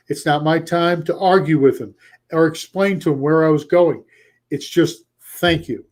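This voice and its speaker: A man hosting a live coaching show in casual talk to his chat. He is energetic, repeats key phrases for emphasis and acts out short role-play lines. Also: a little high.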